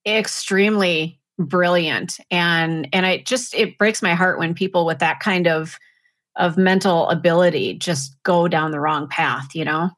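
Female podcast co-host, former radio voice, measured and polished, conversational. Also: fairly low pitch, a bit bright. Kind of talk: casual conversational chat.

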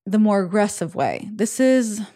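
A woman's voice: mid-range voice, big pitch swings, measured pace, warm tone. Frank woman hosting a podcast. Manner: opinionated, giving frank dating advice. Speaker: podcast host. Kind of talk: casual podcast chat.

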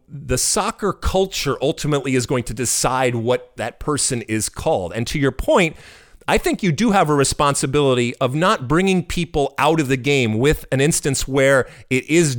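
A middle-aged man co-hosting a soccer podcast in casual chat, talking in animated bursts and often repeating words. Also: mid-range voice. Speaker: podcast co-host.

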